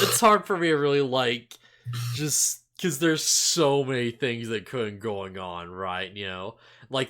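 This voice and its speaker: A man's voice: lowish voice, fairly bright tone. A man chatting casually on a podcast about an anime episode, rambling with lots of fillers and restarts and laughing often. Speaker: podcast co-host.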